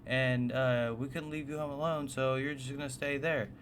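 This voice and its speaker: A man's voice: mid-range voice, steady tone, moderate pace, a bit bright, slight background noise, voice pushed up, natural voice. A man voicing his dismissive middle-aged father, speaking offhandedly in a raised voice.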